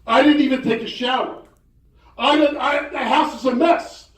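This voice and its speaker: A man's voice: very high-pitched, steady tone, slow, darkish tone, voice pushed up. A man voicing his angry wife, piling up frantic complaints. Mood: furious. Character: upset wife, a woman in her thirties. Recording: roomy hall, mic from far off.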